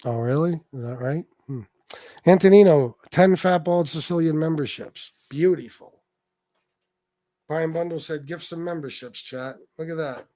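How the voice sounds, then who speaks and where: A man running a live stream in a loose, chatty way. He is blunt and swears a lot, and his voice sits a little high for a man. The sound is close and dry, with no room echo. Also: measured pace, dark tone. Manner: blunt and profane, reading out viewer names. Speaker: livestream host. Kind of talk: casual livestream chat.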